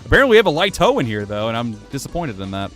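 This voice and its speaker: Very fast and fairly bright, a gaming streamer's medium-pitched voice swings hugely in pitch as he rambles through his game, swearing and joking at his own expense. Faint music plays from his PC.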